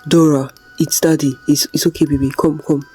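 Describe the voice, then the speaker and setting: A storyteller voicing a calm young father who speaks softly and reassuringly. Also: medium pitch, breathy edge, soft background music, natural voice. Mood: soothing. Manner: soft, reassuring, measured.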